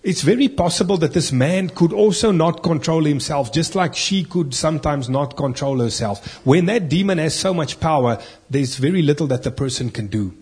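A man's voice: on the high side, expressive, normal speed, few pauses, darkish tone, breathy edge. A man preaching a sermon, reading scripture and asking earnest rhetorical questions.

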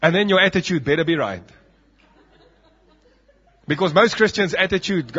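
South African male pastor, husky and fairly high, emphatic sermon delivery, lo-fi sound. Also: expressive, fairly quick, long pauses, a bit bright. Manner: emphatic preaching with dramatic drops. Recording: dull lo-fi recording.

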